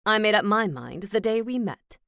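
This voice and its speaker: Chatty helpful male ghost, read by a woman, earnest, mid-pitched. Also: lively intonation, normal speed, gravelly, fairly bright tone, no room sound, studio quality. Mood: eager.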